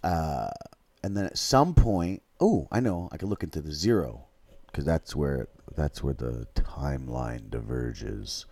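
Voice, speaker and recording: A man hosting a livestream, telling a long, halting, rambling story with crude swearing. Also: very deep voice, lively intonation, vocal fry, a little mellow. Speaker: livestream host.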